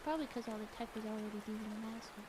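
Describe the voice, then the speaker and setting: A woman's voice: a little high, rapid-fire, very noisy. A woman streamer reading stories aloud, breaking off into chatty, giggly asides. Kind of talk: casual storytelling stream.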